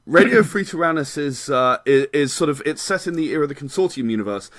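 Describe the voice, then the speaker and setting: A man's voice: fairly high pitch, animated, fast talker, fairly bright tone, no echo, clean studio sound. A man, a game designer chatting as a podcast guest, rambling and qualifying himself with frequent laughs. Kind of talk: casual podcast interview.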